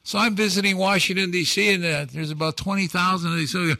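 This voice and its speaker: A man in his sixties telling stories as a talk show guest, acting out dialogue with shouted quotes and emphatic delivery. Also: high-pitched, fairly even intonation, quick pace, vocal fry, few pauses, dry recording. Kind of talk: animated storytelling on a talk show.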